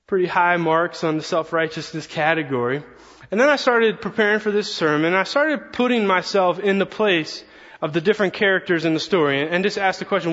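A man preaching a sermon, earnest and animated, telling a story with quoted asides. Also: high-pitched, fairly quick. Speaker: pastor. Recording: long reverb, slightly dull sound.

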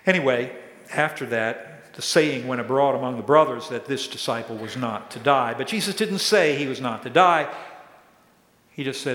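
A pastor preaching a sermon, who acts out quoted questions in a raised voice. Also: male voice, mid-range voice, normal speed, a bit bright. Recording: echoey hall with long reverb.

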